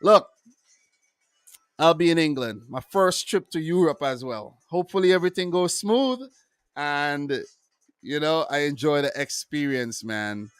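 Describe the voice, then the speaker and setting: A man hosting his own football review channel, talking casually and loosely, full of asides and shout-outs to viewers. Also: a little high, expressive, unhurried, smooth, dry recording, studio quality. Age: adult with wife and three kids.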